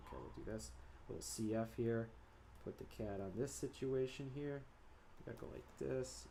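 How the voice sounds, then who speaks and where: A man's voice: mid-range voice, normal speed, gravelly, mellow, a little hiss or hum. Rambling, playful man chatting while drawing. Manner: rambling, playful, sings silly made-up ditties. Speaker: artist streaming his drawing. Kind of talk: casual livestream chat while drawing. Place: home studio at a drawing desk.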